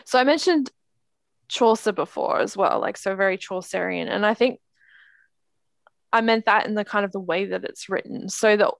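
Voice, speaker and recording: A woman's voice: mid-range voice, moderate pace, gravelly, no room sound. A woman in casual chat about a book, talking with many fillers and restarts. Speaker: podcast co-host discussing books.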